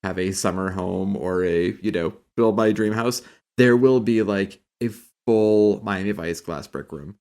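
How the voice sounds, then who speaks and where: A man's voice: low voice, unhurried, darkish tone. A man co-hosting a podcast in casual chat, rambling and laughing, swearing casually. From New England. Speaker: podcast co-host.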